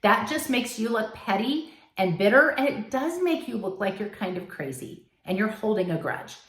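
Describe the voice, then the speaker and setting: A woman's voice: mid-range voice, big pitch swings, normal speed. A woman coaching her listeners firmly in a direct advice talk, sometimes acting out what they might say. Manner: firm, coaching, acts out quoted lines. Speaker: advice host. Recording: echoey room.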